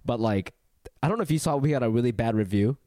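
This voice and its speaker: A man's voice: medium pitch, animated, fast, dark tone, no room sound, studio quality. A man hosting a comedic podcast, joking and rambling, often breaking into laughter. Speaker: podcast host. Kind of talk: casual comedic podcast chat.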